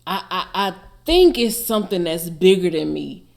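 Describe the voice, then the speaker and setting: A woman's voice: lowish voice, expressive, normal speed, creaky. A woman hosting a music reaction video, talking in an emphatic, reflective, slangy way with plenty of cursing. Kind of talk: casual album reaction commentary.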